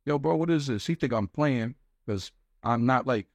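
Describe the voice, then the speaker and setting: A young man from New York, a rapper guest telling stories in a casual interview, animated and slangy, acting out the voices of people he quotes. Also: mid-range voice, normal speed, dry recording. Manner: animated, slangy, acts out quoted voices, repeats "you get what I'm saying". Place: small podcast studio. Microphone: studio microphone.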